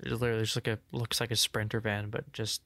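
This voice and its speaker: A young man co-hosting a casual podcast, rambling with lots of "like" and restarts while explaining things he's excited about. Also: fairly low pitch, quick pace, creaky, dry recording. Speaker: podcast co-host. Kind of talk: casual chat.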